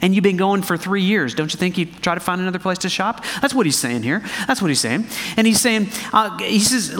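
A man preaching a sermon, animated and conversational, asking the congregation questions as he reads scripture. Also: high-pitched, a little fast, in a large hall. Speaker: pastor.

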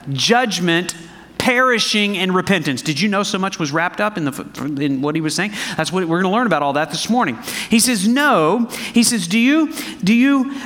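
High-voiced man preaching in a reverberant hall. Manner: animated, conversational preaching with rhetorical questions. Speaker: pastor. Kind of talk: sermon.

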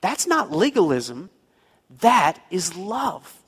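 A man's voice: high voice, sing-song, slow, slightly rough, in a large hall. A man preaching a sermon, telling a homespun story and rising into emphatic pleas. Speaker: pastor.

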